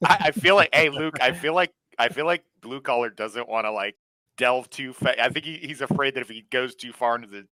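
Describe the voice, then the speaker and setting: A man co-hosting a casual show recap chat, animated and profane, with quick apologetic asides. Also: medium pitch, no room sound. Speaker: co-host.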